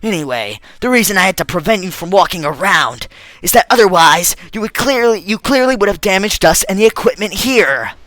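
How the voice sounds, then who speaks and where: A man voicing a calm, clinical robot assistant who speaks in a measured, deadpan way for a fan dub of a game. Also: sits high, no echo. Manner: measured, deadpan, matter-of-fact. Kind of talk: fan dub of a game's text.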